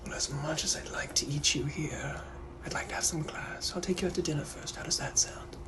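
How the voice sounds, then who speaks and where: Guy doing a british gentleman from the 1800s, whispered role-play, gravelly low purr, creepy and smooth. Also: a little fast, natural voice. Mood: teasing. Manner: purring, teasing, menacing. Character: suave menacing 1800s British gentleman, male.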